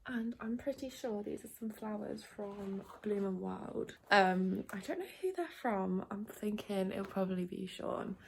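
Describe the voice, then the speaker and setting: A young woman vlogging casually from her bedroom into a phone camera, often dropping into a soft, half-whispered chat. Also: mid-range voice, measured pace, gravelly, hardly any pauses, a little hiss or hum. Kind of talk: casual day-in-the-life vlog chat. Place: bedroom at home.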